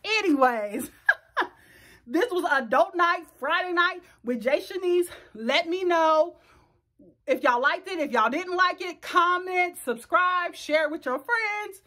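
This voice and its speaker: A woman's voice: very high-pitched, lively intonation, takes it slowly, sharp tone. A woman, chatting frankly and bawdily to the camera from her bedroom, often laughing and joking. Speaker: vlogger. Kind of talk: casual chat to camera.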